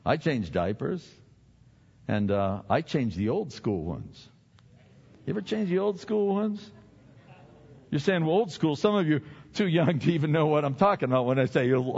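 High-voiced preacher in a reverberant hall. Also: male voice, darkish tone, slightly rough. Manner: conversational, self-deprecating, repeats words often. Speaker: pastor. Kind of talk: sermon. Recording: dull sound with long hall reverb.

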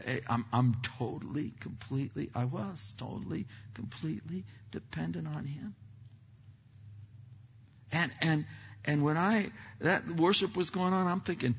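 A man preaching, a pastor telling a story in a self-deprecating, animated way with many restarts, recorded in a church sanctuary. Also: on the high side, moderate pace, slightly rough. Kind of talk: sermon storytelling. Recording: dull hall reverb, lo-fi.

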